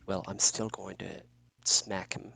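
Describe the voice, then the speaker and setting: Casual male player, very low and gravelly voice, thinking aloud as he reads the rules. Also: level tone, slow, bright, forceful tone, no echo, rough recording. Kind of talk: casual tabletop game play.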